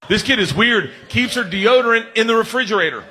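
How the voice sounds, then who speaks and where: A man's voice: high-pitched, animated, a little fast, sharp tone. A man doing a stand-up routine, telling exasperated stories about his wife and family. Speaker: stand-up comedian. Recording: noisy live club recording.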